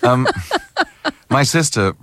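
A man's voice: mid-range voice, very slow, dry recording. A middle-aged English man with a British accent, an actor interviewed on radio, telling stories with frequent ums and hesitations. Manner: anecdotal, hesitant with many ums, animated storytelling.

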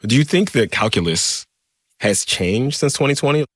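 A man's voice: medium pitch, lively intonation, normal speed, a bit bright, no room sound, studio quality. A man hosting a casual podcast conversation, posing questions and checking in with "right?".

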